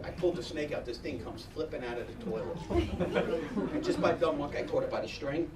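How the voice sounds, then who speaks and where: A man's voice: a little high, brisk. A middle-aged man doing a crude, profane stand-up routine, rambling and asking the crowd if they know what he means. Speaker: stand-up comedian. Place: live comedy venue with audience. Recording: echoey room, distant mic, loud crowd laughter.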